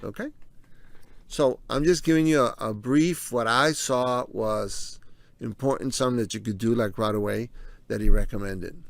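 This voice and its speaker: A man with a gravelly, fry-laden voice talks viewers through a casual explainer, repeating his main points and pausing for quick asides. The sound is dry and close, with no room around it. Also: mid-range voice, no room sound. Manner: walks through on-screen slides. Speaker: presenter of a health video.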